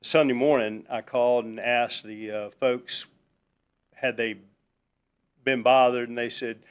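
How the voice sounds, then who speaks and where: Man at a council hearing, smooth clear voice, easygoing and folksy with frequent ums. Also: medium pitch, a little slow. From Virginia, US. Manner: relaxed, folksy, lots of ums. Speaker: resident speaking at public hearing. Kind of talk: public comment at a council meeting. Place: town council chamber.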